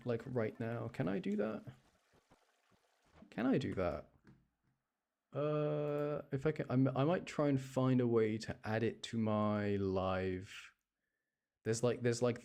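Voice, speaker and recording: A man's voice: on the low side, gravelly, a little mellow. A young man chatting casually to his live chat while he plays a game, rambling from thought to thought. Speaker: live streamer.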